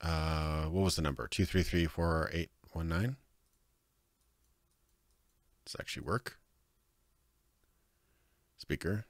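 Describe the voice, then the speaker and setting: A man's voice: very deep voice, slow pace, pauses often, dry recording, studio quality. A man livestreaming a video game, thinking aloud and chuckling, sometimes unsure what to do next. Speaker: streamer. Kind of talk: livestream gameplay commentary.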